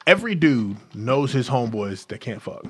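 A man co-hosting a casual chat, telling crude stories in an animated way and acting out what people said. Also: medium pitch, moderate pace, breathy edge. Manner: crude, animated storytelling with acted-out quotes. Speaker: podcast co-host.

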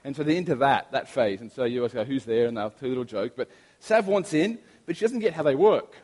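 Chatty pastor preaching in a reverberant hall. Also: male voice, medium pitch, animated, fast talker, a little mellow. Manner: chatty and storytelling, with frequent restarts. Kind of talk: sermon with prayer. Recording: long reverb of a large hall.

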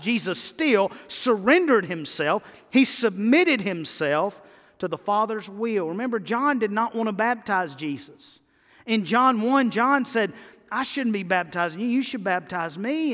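A man's voice: high voice, a bit bright, big-room sound. A man preaching a sermon as pastor, emphatic and repeating his key phrases.

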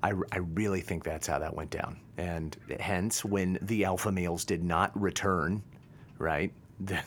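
A man's voice: low-pitched, slight background noise. A man hosting a podcast, talking alone in a casual, joking, self-mocking way. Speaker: podcast host. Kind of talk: casual monologue.

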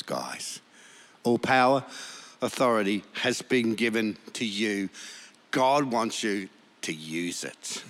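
Emphatic older pastor. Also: male voice, medium pitch, bright, forceful tone. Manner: emphatic, repeats lines for effect. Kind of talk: sermon with personal story.

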